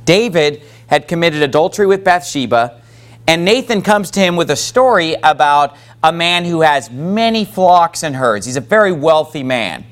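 Animated high-voiced male preacher. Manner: preaching with rising emphasis, reads scripture in King James wording; conversational asides with fillers. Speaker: pastor. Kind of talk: sermon.

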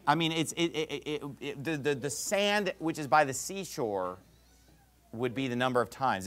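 A man's voice: a little high, a bit bright. A middle-aged man preaching a sermon, reading scripture and driving his points home with rising emphasis.

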